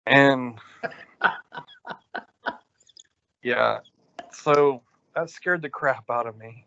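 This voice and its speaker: A man's voice: mid-range voice, drawn-out words, gravelly, pauses often. Rambling man telling a story. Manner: rambling, animated storyteller with lots of ums. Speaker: podcast co-host. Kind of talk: casual chat, storytelling rants. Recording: dull, lo-fi sound.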